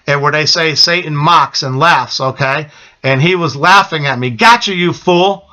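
Man, middle-aged, personal testimony, emphatic, repetitive, bright tone. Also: fairly high pitch, moderate pace, rough recording. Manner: emphatic, repeats "okay?" and "my friends". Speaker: testimony speaker.

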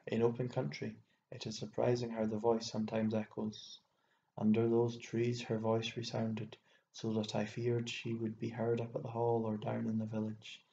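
A man reading a literary short story aloud as an audiobook narrator, with steady, measured telling. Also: medium pitch, vocal fry, a little hiss or hum. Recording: echoey room, dull lo-fi sound.

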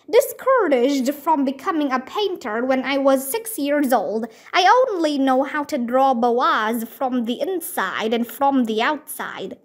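A woman reading a children's book aloud as narrator, with a careful storytelling delivery. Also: high voice. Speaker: audiobook reader.

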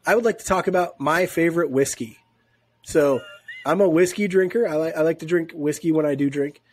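A man's voice: fairly high pitch, fairly quick, darkish tone. A man co-hosting a sports podcast from home, sick and congested, chatting in a laid-back, rambling way. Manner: laid-back, laughs often, rambling asides. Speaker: podcast co-host. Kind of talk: casual sports chat.

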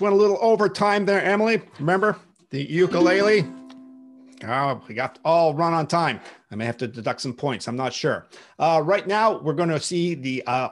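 A man moderating a comedic debate, brisk and halting, with fillers. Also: a little high. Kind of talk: event moderation.

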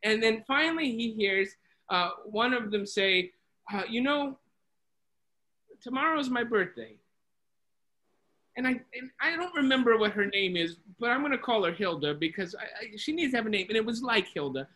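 A Bible study leader retelling a story in a lively, chatty way, full of restarts and acted voices. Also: medium pitch, brisk, rough recording. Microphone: video call.

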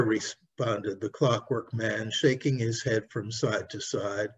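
Slow, husky male storybook reader. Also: medium pitch. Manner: slow, careful reading aloud. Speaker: author reading his own story. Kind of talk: storybook narration. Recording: dull lo-fi recording.

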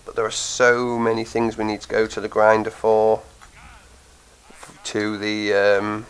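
Fairly low in pitch and completely flat, a clean-toned voice moves a little slowly as a congested, tired gaming host talks through his play. It's casual commentary full of ums, captured in a low-quality recording.

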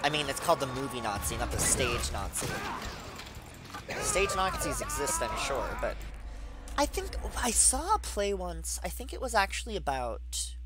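A man in his thirties talks over a video game while stoned, wandering from one tangent to the next and breaking into excited outbursts. His pitch swings widely as he talks. Game music plays clearly underneath. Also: moderate pace. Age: 30s. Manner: rambling, digressive, with excited outbursts. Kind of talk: casual gameplay commentary.

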